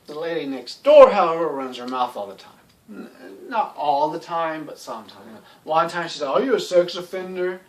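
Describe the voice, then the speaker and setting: A man talks in a loose, rambling monologue, blunt and sarcastic, leaning on fillers as he goes. His voice sits on the higher side for a man. He sounds set back a little from the microphone. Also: sing-song, normal speed, recorded from a distance. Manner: rambling, heavy on "you know" fillers. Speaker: YouTube commentator.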